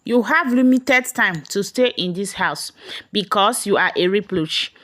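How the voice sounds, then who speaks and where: A woman's voice: medium pitch, expressive, a little slow. A woman voicing a furious middle-aged mother who roars her accusations. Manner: shouting, accusing.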